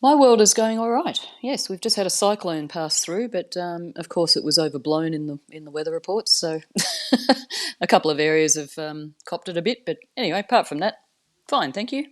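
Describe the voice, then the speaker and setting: A woman's voice: fairly low pitch, animated, moderate pace. Wry woman on a video call. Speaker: podcast guest, former journalist. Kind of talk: casual chat over a video call.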